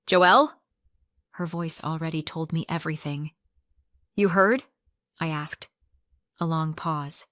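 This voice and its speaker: A woman narrating a family story in the first person, restrained and wounded, often flat. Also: on the low side, no echo, studio quality.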